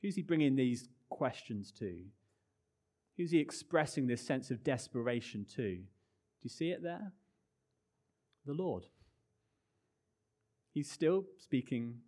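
A man preaching a sermon with earnest emphasis, dropping to hushed low phrases and rising again.

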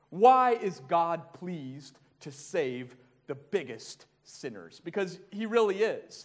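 High-voiced man preaching a sermon. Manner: animated, swings between hushed low asides and loud raised passages.

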